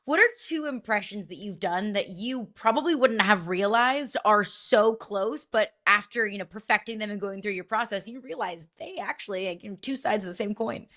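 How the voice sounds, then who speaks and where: A woman co-hosting a sports talk show, chatty and quick to react to her guest. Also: medium pitch. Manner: warm, chatty, laughs along. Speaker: co-host.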